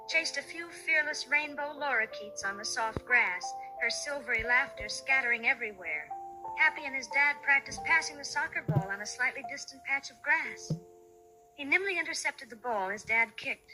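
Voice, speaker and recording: A woman narrating a children's bedtime story in a soft, soothing way. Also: sits high, low-quality recording. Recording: narration over soft music.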